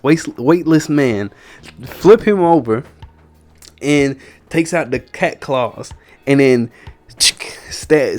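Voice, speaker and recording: A man talks through a film review in a casual, opinionated way. His voice sits at an ordinary middle pitch, and his delivery is blunt and sarcastic. Soft music plays quietly in the background. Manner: blunt, sarcastic, exasperated critique.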